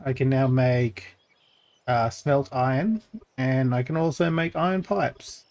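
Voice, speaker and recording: A man's voice: measured pace, darkish tone. A man casually narrating his gameplay as a streamer, thinking aloud with lots of fillers and restarts. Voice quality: voice gets crackly when pushed deep.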